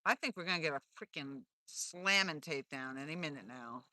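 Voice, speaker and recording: Woman hosting a live stream on a dock, bright voice, dry close sound, chatty and jokey. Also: deep voice, expressive, brisk, no room sound. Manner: chatty, reads viewer comments aloud, playful wordplay. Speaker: livestream host. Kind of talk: casual live chat. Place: outdoors on a lake dock.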